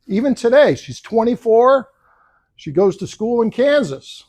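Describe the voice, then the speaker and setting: A political candidate gives a campaign speech in a luncheon event room, telling personal stories and acting out other people's lines as he quotes them. His voice is very high-pitched and very animated, a little slow and a little mellow.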